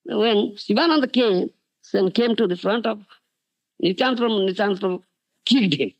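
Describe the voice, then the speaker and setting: A man giving a sermon as a spiritual teacher, telling a story to devotees in animated, non-native English and often asking whether they understand. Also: high voice, fairly quick, vocal fry, no room sound. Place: temple on a farm.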